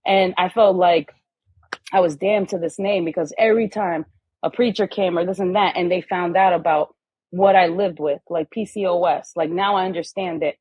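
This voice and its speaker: A woman's voice: on the low side, steady tone, normal speed, a little mellow, slightly rough, no room sound, dull audio. A woman guest on a podcast in casual conversation, telling stories animatedly and acting out the voices of the people in them.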